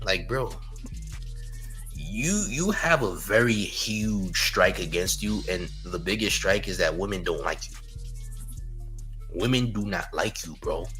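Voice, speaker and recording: Young male livestream host, low voice, punchy and cocky, repeats himself, laughs at his own jabs. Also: expressive, measured pace, long pauses, pushed and bright, faint music behind. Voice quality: boastful, trash-talking. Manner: repeats phrases, laughs between lines. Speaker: YouTube commentary host. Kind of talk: livestream commentary with chat.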